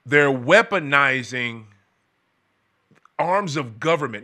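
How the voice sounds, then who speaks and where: Fired-up man ranting, bright voice. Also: mid-range voice, expressive, measured pace, pauses often. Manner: angry, profane, stammering restarts, bursts into shouting. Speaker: podcast host. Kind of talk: heated ranting monologue.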